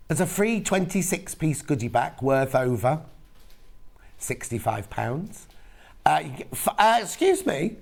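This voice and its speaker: Hoarse man presenting live sales. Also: sits high. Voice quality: croaky, gravelly. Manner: chatty, self-mocking banter with viewers. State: hoarse, losing his voice. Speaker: shopping channel presenter.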